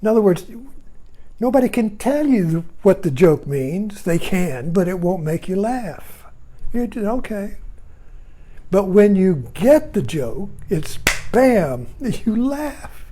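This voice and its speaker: A man's voice: high-pitched, big pitch swings, takes it slowly, dark tone. A man giving a rambling, casual talk, chuckling often and breaking off mid-sentence. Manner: chuckling, digressive, self-interrupting. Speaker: speaker on Zen and irony.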